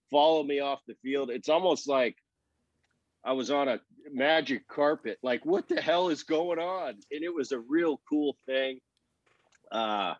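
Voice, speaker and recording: Animated storytelling ex-ballplayer man. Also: mid-range voice, no room sound. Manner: animated storyteller, acts out quoted dialogue. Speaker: former baseball player, guest. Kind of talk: relaxed storytelling interview. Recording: dry, slightly dull sound.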